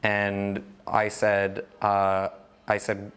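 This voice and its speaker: A man's voice: lowish voice, monotone, takes it slowly, smooth. A man in his thirties giving an informal, candid talk about startups, rambling with many restarts. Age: 30s. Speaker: guest speaker, entrepreneur.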